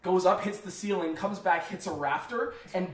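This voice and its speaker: A young man telling funny stories fast in a casual podcast chat. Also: high-pitched. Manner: fast, animated anecdotes with shouted quoted voices. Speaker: podcast co-host. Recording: roomy, distant mic.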